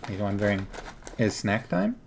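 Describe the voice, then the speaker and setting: A man's voice: lowish voice, very animated, normal speed, vocal fry, slight background noise. A man chatting casually on a live stream, greeting viewers one by one and talking playfully to his dog at home.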